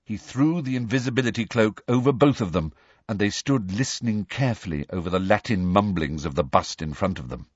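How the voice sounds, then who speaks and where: A man reading a novel aloud as an audiobook narrator, measured and even. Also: on the low side, husky, no echo, lo-fi sound.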